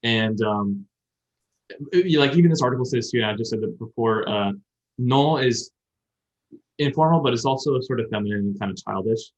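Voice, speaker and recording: A man's voice: mid-range voice, lively intonation, normal speed, pauses often. A man hosting a podcast, explaining grammar at length in a casual chat and thinking aloud as he goes. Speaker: podcast host teaching Japanese. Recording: dull lo-fi sound.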